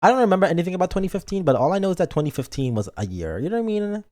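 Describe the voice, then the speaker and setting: A man's voice: high voice, big pitch swings, rapid-fire, warm tone. A man streaming live and chatting casually, playful and dramatic, acting out his own thoughts aloud. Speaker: virtual streamer.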